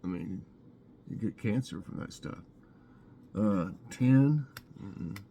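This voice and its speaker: A man's voice: lowish voice, lively intonation, takes it slowly, gravelly, warm tone, slight background noise. A man hosting a casual morning trivia vlog, chatting and musing as he reads out questions, options and answers. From Tennessee. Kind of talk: casual trivia quiz, reading answers aloud.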